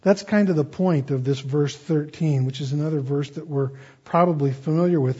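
A male pastor giving an earnest, storytelling sermon, slowing down on key phrases. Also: fairly high pitch, mellow, breathy edge. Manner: earnest, storytelling, slows for emphasis. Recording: dull lo-fi recording.

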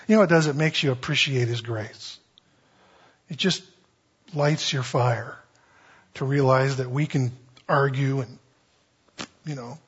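A male pastor preaching a sermon in a folksy, conversational way with animated storytelling. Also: medium pitch, slightly rough. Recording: dull lo-fi recording.

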